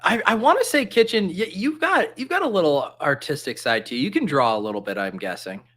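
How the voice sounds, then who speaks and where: A man hosting a casual livestream chat, excitable and laughing often. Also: on the high side, brisk. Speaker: host.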